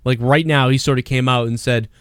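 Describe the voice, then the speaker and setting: A man's voice: medium pitch, fairly even intonation, fairly quick, clean tone, no echo, studio quality. A man hosting a live stream, ranting heatedly and with lots of profanity in casual chat. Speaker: stream host.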